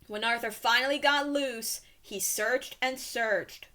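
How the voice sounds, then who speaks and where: A woman reading a children's storybook aloud in a slow, expressive way. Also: on the high side. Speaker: storybook reader.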